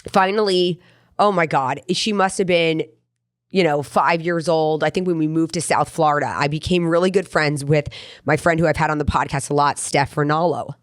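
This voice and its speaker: Low-voiced woman telling a rambling story. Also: fairly even intonation, normal speed, dry recording, clean studio sound. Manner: earnest, rambling personal storytelling. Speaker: podcast host. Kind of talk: casual podcast chat.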